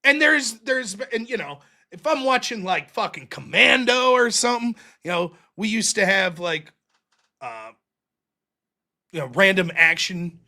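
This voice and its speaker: A man's voice: sits high, big pitch swings, measured pace, bright, forceful tone. A man hosting a livestream, talking casually in a rambling, profane, jokey way. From United States. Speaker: livestream host.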